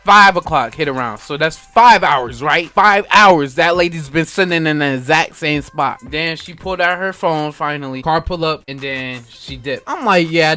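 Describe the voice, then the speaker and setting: Animated young man telling a story. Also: a little high. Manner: animated, acts out customers' voices in quotes; slangy, addresses listeners directly. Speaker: podcast host. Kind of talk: casual storytelling.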